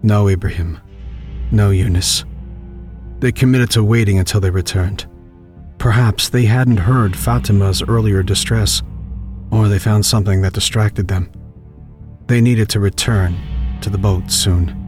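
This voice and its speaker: Man, lowish voice, grave measured horror narration, faint music underneath. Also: steady tone.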